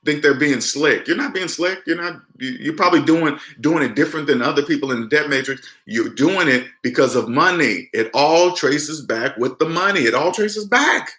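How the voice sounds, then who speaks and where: A man's voice: fairly high pitch, animated, normal speed, few pauses, sharp tone. A man giving a blunt, emphatic personal finance lecture straight to his viewers, often restarting his sentences. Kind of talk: casual lecture to the camera. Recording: roomy echo.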